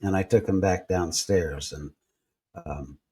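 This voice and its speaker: A man telling personal stories in a relaxed interview, acting out the people he quotes as he goes. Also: low voice, unhurried, husky. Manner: animated storyteller acting out quoted voices. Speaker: guest. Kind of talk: storytelling in a conversational interview.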